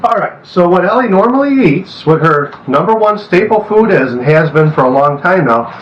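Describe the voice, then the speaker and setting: A man's voice: high-pitched, animated, normal speed, dull audio. A middle-aged man casually chatting at home as he shows off his dog, rambling and breaking into baby talk with her. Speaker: vlogger, dog owner. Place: indoors at home.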